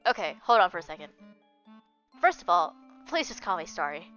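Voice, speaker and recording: Brief: bright, playful woman streamer, casual game commentary, music faint behind. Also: on the low side, sing-song, fairly quick, pauses often, dull audio. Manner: chatty, joking reactions. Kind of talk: casual commentary while reading a visual novel aloud.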